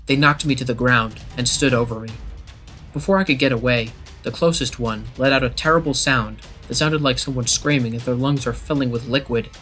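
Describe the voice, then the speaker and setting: Over faint background music, a man reads a first-person horror tale as scripted narration. His mid-range voice stays even and controlled throughout.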